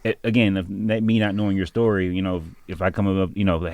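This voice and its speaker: Fast-talking deep-voiced co-host. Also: male voice. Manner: animated, repeats himself, says "you know what I mean". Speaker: podcast co-host. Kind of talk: casual podcast conversation.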